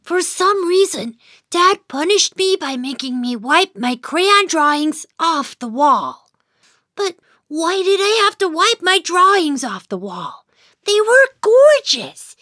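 A sulky little boy mouse tells his storybook tale in a high, bright, sing-song voice. He speaks slowly and clearly, close and dry, grumbling and sighing between giddy bursts. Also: very animated, dry recording, full character voice. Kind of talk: first-person storybook narration.

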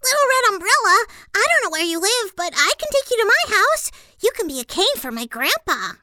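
A woman's voice: big pitch swings, sharp tone, dry recording, heavily acted. A woman voicing an eager, clumsy little male dog in a children's audio story. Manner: high, eager, quick.

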